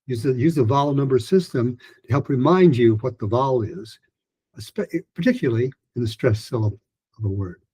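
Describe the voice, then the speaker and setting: A man walks through a pronunciation lesson with a soft, mellow tone and a slightly husky edge. He talks in loose, rambling phrases, restarts often, and slows right down to model example lines. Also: mid-range voice, expressive, low-quality recording. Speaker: pronunciation teacher. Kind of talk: recorded lesson talk.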